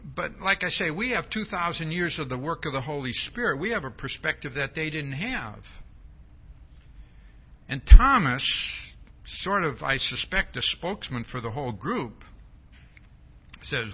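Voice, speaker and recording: A man's voice: a little high, animated, unhurried, breathy edge, lo-fi sound. A man preaching an expository sermon as pastor, teaching in a conversational way and often asking his listeners "See?".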